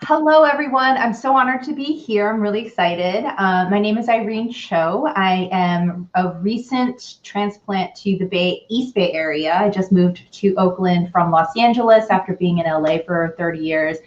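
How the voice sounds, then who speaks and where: A woman's voice: medium pitch, moderate pace, hardly any pauses. Chatty woman on an echoey video call. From US East Coast, New York and Philadelphia area. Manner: chatty, many fillers. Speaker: guest, youth ministry leader. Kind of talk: casual online panel conversation. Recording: echoey room, muffled lo-fi sound.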